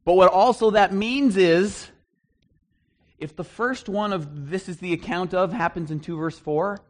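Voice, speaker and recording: A man's voice: high-pitched, measured pace. A middle-aged man, a pastor, preaching a conversational sermon to a congregation in a church hall. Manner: conversational teaching, animated and emphatic at points.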